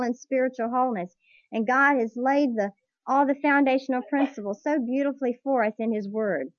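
A woman teaching a Bible class to a live group, earnest and slow on key points, putting questions to her listeners, on a dull lo-fi tape recording. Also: sits high, no room sound. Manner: earnest, drawn-out emphasis, asks the audience questions.

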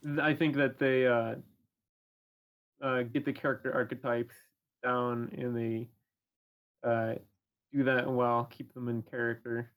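A man with a middle-pitched, very flat voice chats on a podcast. He gropes for words, filling gaps with uh and um as he works through his ideas. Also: unhurried, long pauses. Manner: hesitant, full of uhs and ums. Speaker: podcast co-host. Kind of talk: casual chat.

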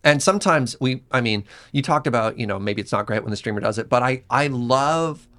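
A male streamer in casual panel chat, animated and acting out quotes with big swings in his voice. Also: mid-range voice, a little fast.

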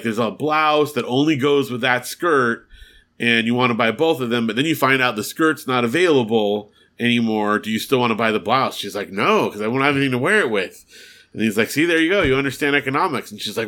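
Bright-voiced man recapping a sitcom episode. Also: medium pitch. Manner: recaps plot with acted-out quotes and laughs. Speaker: podcast co-host. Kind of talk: casual episode recap chat.

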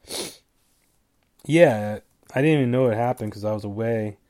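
On a casual solo podcast, a man whose voice sits on the low side, dark in tone and at normal speed, rambles through his fight picks. His nose is stuffy, he tosses in jokes, and he fumbles names.

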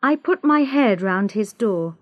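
A woman reading a storybook aloud, slow and careful, giving each character a voice. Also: mid-range voice, animated. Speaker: narrator. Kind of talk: scripted storybook narration.

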